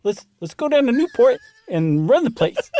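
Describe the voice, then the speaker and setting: A man voicing a gruff 1930s mob boss in a put-on Cleveland accent, talking brashly. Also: very high voice, very animated, normal speed, mellow, no room sound, voice pushed up.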